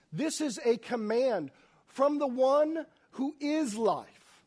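A man preaching a sermon, reading scripture aloud and explaining it, swinging between hushed and loud delivery. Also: extremely high pitch.

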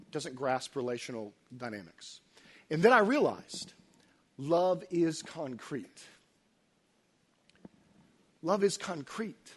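High-voiced pastor telling stories. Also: male voice. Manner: emotional, storytelling, quiet dips into near-whisper. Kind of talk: sermon.

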